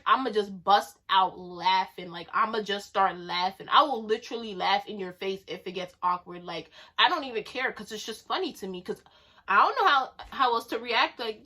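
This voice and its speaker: A young woman telling a storytime vlog story in a casual, slangy way, animated and quick to burst out laughing. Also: a little high. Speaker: vlogger.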